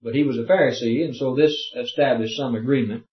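A man's voice: mid-range voice, steady tone, brisk. A man teaching a Bible class, reading verses aloud and explaining them in plain talk. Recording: roomy, dull lo-fi tape.

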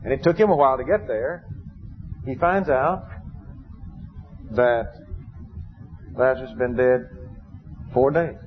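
A man's voice: medium pitch, a little slow, pauses often. A man preaching a sermon in an easy storytelling way, now and then bursting out with emphasis. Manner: conversational storytelling, rising to emphatic outbursts. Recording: dull lo-fi recording with faint background noise.

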